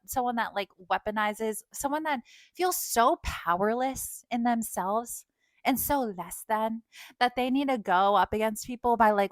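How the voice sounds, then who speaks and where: A young woman vlogger with a fairly high voice rants to camera in a storytime vlog, heated and profane, mocking the people she describes. She uses a desk microphone, and there is no room sound.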